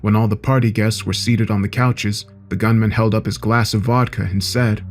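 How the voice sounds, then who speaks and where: Brief: male horror narrator, low, measured, soft music bed. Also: level tone.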